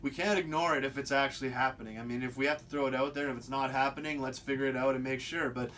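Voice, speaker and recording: Casting: male host, loose unscripted monologue, mid-pitched, stumbles and restarts, faint rumble behind. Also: steady tone, fast talker, fairly bright tone. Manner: rambling, many restarts and repeats. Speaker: video host. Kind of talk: casual monologue.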